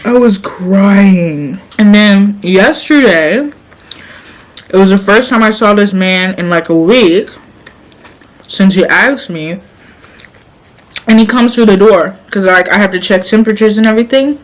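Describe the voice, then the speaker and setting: A woman's voice: mid-range voice, a little slow, pauses often, poor audio. A young woman vlogging casually, animatedly telling a story and often laughing while she eats.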